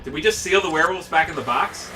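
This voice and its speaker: A man's voice: a little high, lively intonation, fast, recorded from a distance, background noise. A man telling a long, rambling, profane story during casual gaming commentary. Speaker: let's play commentator.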